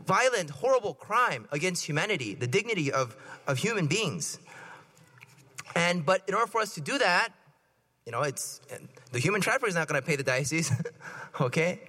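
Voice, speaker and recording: The priest's voice sits high and sounds pushed and bright as he delivers his playful sermon, asking the congregation questions and cracking jokes. Long reverb from the church hall trails his words.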